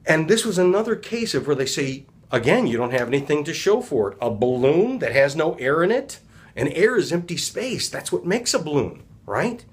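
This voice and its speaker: Animated man retelling a story. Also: a little high, moderate pace. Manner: rambling, reflective, animated retelling. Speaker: healing practitioner and speaker. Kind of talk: casual storytelling talk.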